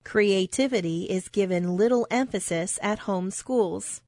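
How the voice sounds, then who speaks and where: A woman reads example sentences aloud for a language lesson. Her delivery is slow, even and deliberate, at a middle pitch. The recording is dry and close, with no room sound. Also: dry recording.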